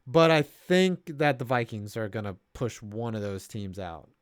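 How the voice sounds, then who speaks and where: A man's voice: medium pitch, a little slow, clean tone, no room sound, clean studio sound. A man co-hosting a sports livestream, reading donations and joking in casual chat with frequent swearing. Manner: animated, jokey, swearing, puts on voices reading messages. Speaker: stream co-host reading donations.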